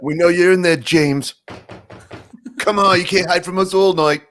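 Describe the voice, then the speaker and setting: A man's voice: high voice, steady tone, moderate pace, fairly bright tone, a little hiss or hum, voice pushed up. A man voicing a menacing male gang member, in an odd put-on accent that is hard to place. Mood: taunting.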